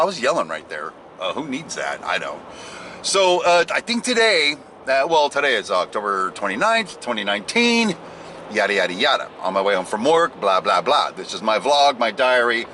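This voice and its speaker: A man's voice: mid-range voice, sharp tone, a little hiss or hum. A man talking casually to the camera while driving, rambling and joking at himself. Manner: rambling, jokey, self-deprecating. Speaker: vlogger. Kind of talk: casual driving vlog monologue.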